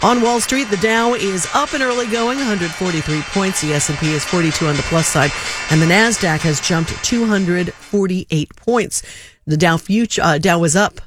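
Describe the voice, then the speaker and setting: A woman anchoring a radio news bulletin in a brisk, steady newsreader delivery. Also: lowish voice, music in the background. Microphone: studio microphone.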